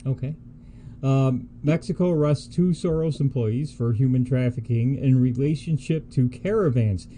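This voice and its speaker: A man's voice: mid-range voice, normal speed, warm tone, a little hiss or hum. A man co-hosting a political livestream, talking in a casual, indignant and scornful way. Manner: indignant, scornful, laughs easily.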